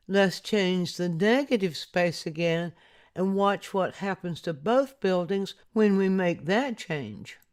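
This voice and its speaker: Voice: medium pitch, smooth. An art instructor giving a patient, explanatory voice-over lesson, often asking the viewer to look closely.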